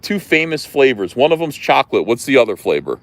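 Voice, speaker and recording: A man with a New Jersey accent hosting a livestream outdoors, chatting casually in an animated, rambling way. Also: mid-range voice, fairly quick. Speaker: livestream host. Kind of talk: casual chat.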